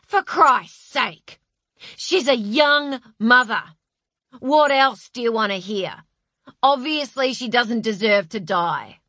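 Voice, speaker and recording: A woman voicing a flustered man who argues loudly and then pleads. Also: mid-range voice, big pitch swings, takes it slowly, few pauses, no echo, clean studio sound, exaggerated voice. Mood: exasperated. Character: flustered middle-aged man under pressure.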